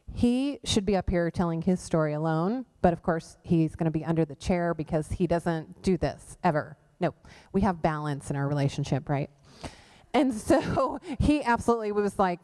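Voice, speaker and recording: A woman's voice: fairly low pitch, normal speed. A middle-aged woman telling her personal faith story as a guest speaker at a church women's event, acting out what people said. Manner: animated storytelling, acting out quoted voices. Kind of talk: personal testimony talk.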